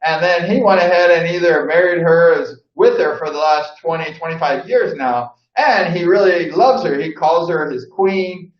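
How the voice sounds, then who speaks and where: A man's voice: fairly high pitch, normal speed, hardly any pauses, dull audio. Rambling man vlogging in an echoey room. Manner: rambling, heavy on fillers like "like" and "you know". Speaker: vlog host and former speedway rider. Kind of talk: casual storytelling.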